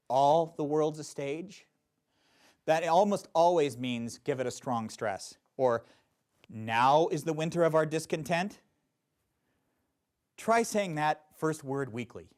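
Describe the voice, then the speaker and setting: A man teaching a Shakespeare acting class, explaining verse in an animated way with playful asides. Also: on the high side, unhurried. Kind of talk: classroom instruction.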